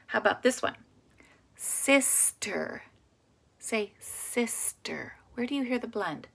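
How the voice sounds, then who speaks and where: Lively, slow-spoken woman teaching phonics. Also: fairly high pitch. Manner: encouraging, sounds out words slowly and clearly. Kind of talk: phonics lesson for young children.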